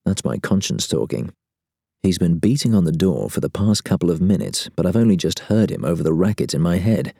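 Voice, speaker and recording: Deep mellow guy reading an audiobook, wry and deadpan, dry close sound. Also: normal speed, gravelly, breathy edge, no room sound. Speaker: narrator. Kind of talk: first-person audiobook narration.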